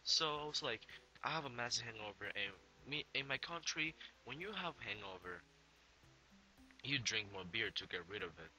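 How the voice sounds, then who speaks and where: Tipsy young man with a very bright voice. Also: medium pitch, expressive, normal speed, low-quality recording. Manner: rambling, swearing, laughing between lines. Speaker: gaming channel host. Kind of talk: casual profane vlog chat.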